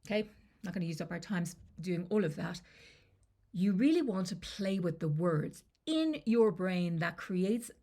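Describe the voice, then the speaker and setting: A woman's voice: fairly low pitch, expressive, moderate pace, mellow. A woman confidence coach teaching a lesson to camera in a conversational way, often checking in with the listener.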